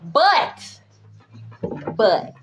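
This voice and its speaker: A woman's voice: a little high, very animated, extremely slow, a little hiss or hum. A woman tarot reader talking to her viewers in a casual spiritual monologue, blunt, profane and emphatic. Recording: dull lo-fi recording.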